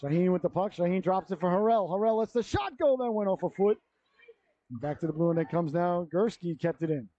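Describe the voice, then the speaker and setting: A man's voice: high voice, expressive, brisk, dark tone, no echo. Chatty man calling youth hockey. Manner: chatty, rambling asides and self-corrections. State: yawning, running out of breath. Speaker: play-by-play commentator. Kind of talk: youth hockey play-by-play commentary. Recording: dull, lo-fi local broadcast audio.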